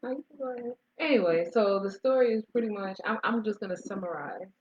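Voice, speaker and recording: A woman co-hosting a movie review show summarizes a film's plot in a casual, chatty way, restarting often. She talks fast in a mid-range voice. The audio has a dull lo-fi quality.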